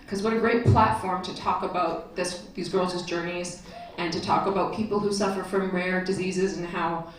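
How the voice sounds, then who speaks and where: Brief woman speaker on stage, chatty, emotional, very echoey hall, heard from far off. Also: medium pitch. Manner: chatty, laughing, openly emotional. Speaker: convention speaker. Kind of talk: storytelling speech to an audience.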